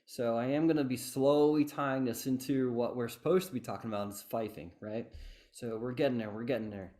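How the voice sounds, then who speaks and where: Male fife teacher on a video call, medium pitch, counts in and chants syllables with inflection. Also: fairly even intonation, brisk, warm tone. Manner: chanting rhythm syllables with inflection, self-deprecating asides. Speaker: fife instructor. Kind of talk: online workshop lesson.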